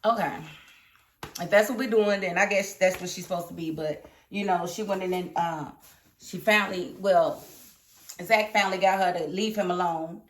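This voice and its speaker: A woman reviewing a TV episode in casual commentary, animated and emphatic, scolding the characters. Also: fairly low pitch, moderate pace, reverberant. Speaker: TV show reviewer.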